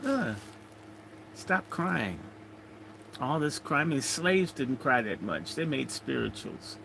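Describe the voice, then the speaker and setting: A man chats loosely on his livestream, greeting viewers and cracking jokes between their comments. His voice is bright and forward, and he talks at an unhurried, drawn-out pace. A faint hiss of noise sits under the recording. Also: medium pitch, sing-song, gravelly, low-quality recording. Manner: rambling, jokey, chatting to viewers. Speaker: livestream host. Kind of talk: casual livestream chat, reading comments.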